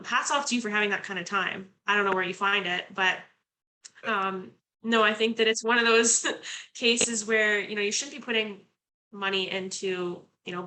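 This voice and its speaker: Young woman co-host, casual and chatty, crisp bright voice, mid pitch. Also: slight background noise, poor audio. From Canada. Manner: chatty, many fillers and restarts. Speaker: guest co-host. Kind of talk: casual talk-show chat.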